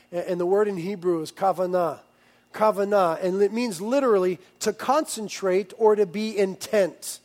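A man in his thirties preaching a sermon, emphatic, swinging between loud urging and hushed, intimate passages. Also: sits high. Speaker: pastor.

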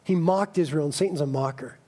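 Brief: high-pitched man preaching, lively, casual and joking. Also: a little fast. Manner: animated, jokey, conversational preaching. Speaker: pastor. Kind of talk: sermon.

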